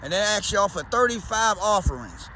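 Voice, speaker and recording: A man's voice: high-pitched, big pitch swings, normal speed, sharp tone, a little hiss or hum. A man with a Baltimore accent, talking in a loose, slangy, rambling way as a vlogger. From Baltimore, USA. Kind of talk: casual rambling chat.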